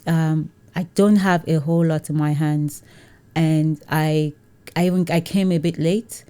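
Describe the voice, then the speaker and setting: A woman from Nigeria, an entrepreneur guest, telling her story in a casual interview with lively laughter and acted-out quotes. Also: low-pitched, unhurried, clear, resonant tone. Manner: lively, laughs often, acts out what others said.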